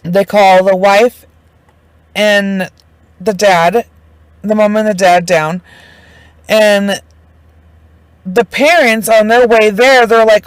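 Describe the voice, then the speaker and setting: A woman's voice: medium pitch, slow, long pauses, no echo, rough recording. A woman casually retelling a true crime case, chatty and indignant, full of fillers and swearing. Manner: emotionally invested, indignant.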